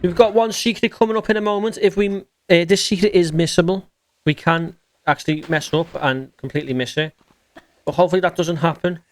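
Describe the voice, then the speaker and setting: A man's voice: high voice, fairly even intonation, brisk. A man with a Geordie accent chatting casually while playing a game and talking through it. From northeast England. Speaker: streamer. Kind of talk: casual gameplay commentary.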